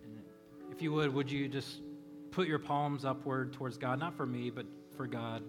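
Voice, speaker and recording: A man's voice: mid-range voice, moderate pace. Conversational male pastor preaching. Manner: conversational, animated when storytelling, soft when praying. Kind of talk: sermon. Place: church. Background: faint band music.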